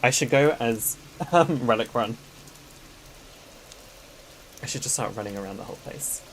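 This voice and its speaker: A woman's voice: extremely low pitch, measured pace, a little hiss or hum, low-quality recording. A woman streaming a game, chatting with her viewers and giggling often between comments. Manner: chatty and giggly, with frequent laughs. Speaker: gaming streamer. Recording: game music loud in the background. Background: game soundtrack music.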